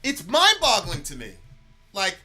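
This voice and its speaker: A man's voice: high-pitched, measured pace, soft background music. A man delivering a heated political rant, swearing freely and stumbling over restarts and fillers. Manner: animated, profane, many fillers and restarts.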